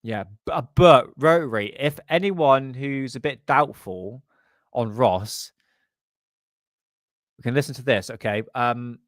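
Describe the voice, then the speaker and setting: A man hosting a live stream, chatting loosely over the clips with sarcastic, jokey asides. His voice sits at a mid pitch and sounds very dry and close, with no room echo. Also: a little slow, long pauses. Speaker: livestream host. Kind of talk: casual live commentary.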